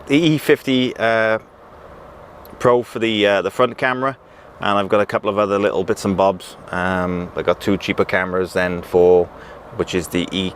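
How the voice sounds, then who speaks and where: Chatty trucker, low voice. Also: male voice. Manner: relaxed, chatty, many ums and restarts. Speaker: truck driver vlogger. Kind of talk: casual chat reading viewer comments. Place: in and around a truck. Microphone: action camera with pocket mic. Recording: faint outdoor vehicle noise.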